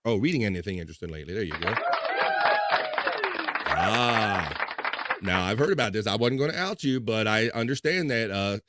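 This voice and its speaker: A man's voice: fairly low pitch, animated, normal speed, pauses often, a bit bright, a faint crowd. A man hosting a casual live chat show, reading viewer comments aloud in a loose, upbeat way with playful filler sounds.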